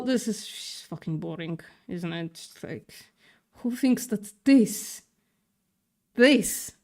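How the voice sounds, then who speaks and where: A woman livestream host reads the news aloud casually, adding sarcastic, profane asides and stumbling over words. Her voice is medium-pitched, gravelly, and darkish, with a mixed accent that is partly British-tinged.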